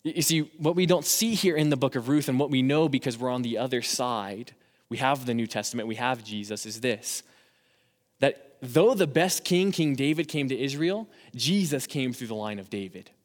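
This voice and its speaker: A man's voice: medium pitch, moderate pace, big-room sound. A man preaching a sermon as a youth pastor, emphatic and rising to urgent exhortation.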